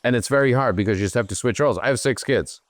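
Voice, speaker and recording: A middle-aged Irish man hosting a show, coaching a guest in an animated, emphatic way. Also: mid-range voice, very fast, no room sound, studio quality. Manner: animated, emphatic, slips into playful voices for others. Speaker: host and business coach. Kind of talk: live coaching Q&A.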